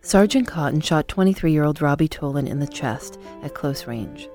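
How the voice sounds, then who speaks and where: A woman hosting a documentary podcast, telling the story in calm, measured scripted narration. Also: low voice, faint music behind.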